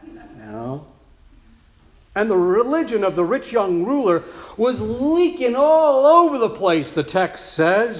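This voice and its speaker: High-voiced pastor in an echoey church. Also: male voice, sing-song, normal speed. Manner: conversational storytelling with many asides. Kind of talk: sermon.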